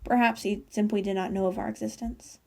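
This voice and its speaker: A woman reading as a soft-spoken sorrowful boy. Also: mid-range voice, fairly even intonation, fairly quick, vocal fry, a little hiss or hum, lightly acted. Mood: gentle. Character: gentle, sorrowful young brother.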